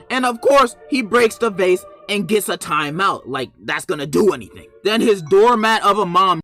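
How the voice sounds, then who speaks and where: A sharp, bright-toned young woman riffs sarcastically in a comedic reaction, her pitch leaping all over the place as she slips from muttered asides into shouted mock outrage. Faint music plays underneath her voice. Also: lively intonation, normal speed, hardly any pauses, no room sound. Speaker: reaction video host. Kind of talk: comedic book reaction commentary.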